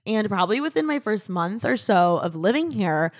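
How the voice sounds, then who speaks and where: A woman's voice: mid-range voice, very animated, moderate pace. Chatty woman guest in her twenties. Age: 20s. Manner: chatty, fillers like "like", laughs often. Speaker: podcast guest. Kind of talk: casual chat.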